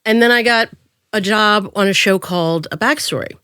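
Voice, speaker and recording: A woman in her thirties tells her career stories as a guest, lively and quick to act out what others said in a higher voice. The sound is close and dry, with no room around it. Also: clear, resonant tone, no echo. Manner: animated, acts out quotes in a higher voice. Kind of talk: storytelling in an interview.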